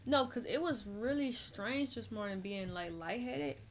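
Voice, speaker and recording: A tired young woman rambles through a game stream in loose, slangy chat. Her voice sits at an ordinary pitch for a woman. A steady hiss and keyboard clicks run under the talk. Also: unhurried. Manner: chatty, rambling, relaxed slang. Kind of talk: casual gameplay chat.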